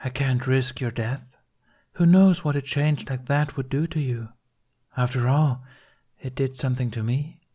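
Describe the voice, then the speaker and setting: A man voicing a cold, paranoid ice queen with a soft, airy voice and a calm, quietly menacing manner, in a fan fiction audiobook reading. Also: medium pitch, unhurried, voice pushed up, lightly acted. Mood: falsely gentle.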